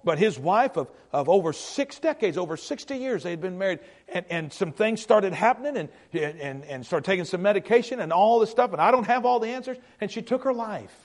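A middle-aged man, preaching a sermon as a pastor, telling a story earnestly with halting repeats and hushed moments. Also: high-pitched, lively intonation.

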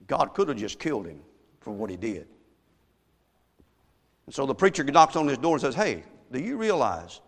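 A male pastor preaching a sermon, telling a story and swinging from hushed asides to shouted emphasis. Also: medium pitch, big pitch swings, normal speed, long pauses. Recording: long echo of a large hall.

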